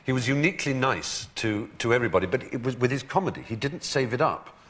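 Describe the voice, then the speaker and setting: An Englishman who is a talk show guest, telling anecdotes in an articulate, wry way with animated asides. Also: medium pitch, fast. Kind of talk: anecdotal storytelling.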